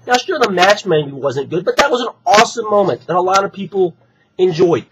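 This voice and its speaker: A hoarse man, still recovering from being sick, ranting heatedly and with plenty of swearing in an opinion vlog. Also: high-pitched, lively intonation, a little fast, dull audio, heavy background noise. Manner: heated, profane, repetitive ranting. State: hoarse from recent illness. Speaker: wrestling fan vlogger. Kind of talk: opinion rant to camera.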